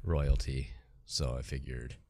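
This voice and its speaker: A man's voice: extremely low pitch, steady tone, takes it slowly, a little mellow. A man co-hosting a podcast, chatting casually and cracking jokes. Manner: joking, wisecracking. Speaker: podcast co-host. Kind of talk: casual chat.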